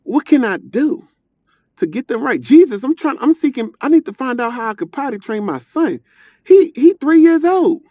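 A man's voice: big pitch swings, normal speed, a little mellow, no echo, muffled recording, full character voice. A man putting on a frazzled, pleading parent. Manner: high, strained, pleading.

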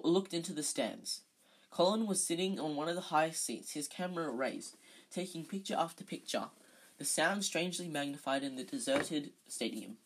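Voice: mid-range voice, slightly rough, poor audio. An amateur reader reading a children's novel aloud, unpolished, often stumbling and correcting themselves. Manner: unpolished, frequent slips and self-corrections.

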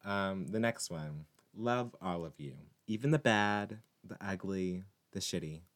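A man vlogging to his viewers in a casual monologue, animated and teasing, rambling with many restarts. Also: sits low, measured pace.

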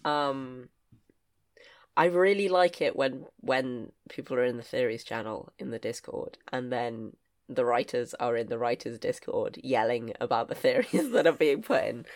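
A man who co-hosts and writes a podcast, chatting casually and speaking haltingly with many ums. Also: mid-range voice.

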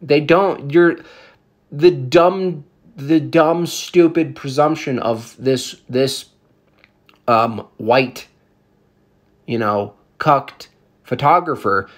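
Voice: mid-range voice, extremely slow, pauses often. A vlog commentator ranting about photographs in a heated, sarcastic way, with many fillers.

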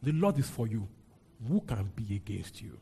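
A man's voice: fairly low pitch, sing-song, normal speed, vocal fry, dark tone, breathy edge. A man preaching a sermon as pastor, leading his congregation in call-and-response scripture reading. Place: church with a congregation.

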